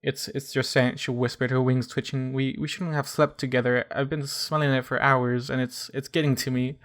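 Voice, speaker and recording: A man's voice: mid-range voice, little pitch movement, normal speed, a bit bright, close to an everyday voice. A man voicing a frightened, lovesick young female pony princess in an audio reading, whimpering and stammering. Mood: trembling.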